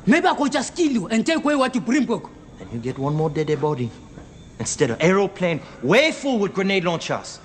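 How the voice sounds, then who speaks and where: A man's voice: high-pitched, sing-song, a little fast, slight background noise. A menacing gunman in a film. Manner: threatening, broken English. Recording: film clip with long reverb, faint ambience.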